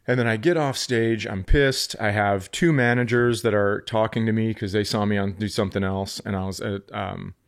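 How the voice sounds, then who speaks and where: A man's voice: fairly low pitch, fairly even intonation, moderate pace, hardly any pauses. Wry man telling a gig story. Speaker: comedian guest. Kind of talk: casual storytelling chat.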